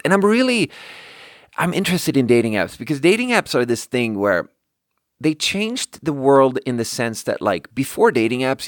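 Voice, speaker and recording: A man's voice: medium pitch, dry recording, studio quality. A young man hosting a podcast, telling stories in a rambling, profane, casual monologue with bursts of laughter. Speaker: podcast host.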